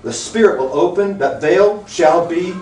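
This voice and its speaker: A man preaches with fervent emphasis, his voice sitting high for a man and pushing up into near-shouts. The recording is distant and echoey, as if taken from the back of a room, with faint background hiss. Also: unhurried. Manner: animated, emphatic, rising to shouts. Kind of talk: sermon.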